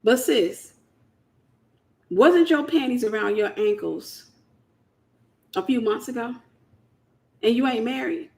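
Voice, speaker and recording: A woman's voice: a little high, slow, vocal fry, pauses often. A woman from the United States hosting a casual Christian teaching talk, speaking in an emphatic, colloquial way and repeating her key phrases. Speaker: host.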